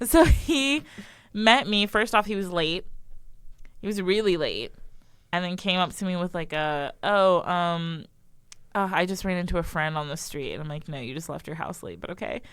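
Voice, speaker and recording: A woman's voice: fairly low pitch, normal speed, a bit bright, clear, resonant tone, no room sound. Chatty young woman telling a story. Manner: chatty storyteller, laughs often, acts out quotes. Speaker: podcast co-host. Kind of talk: casual chat.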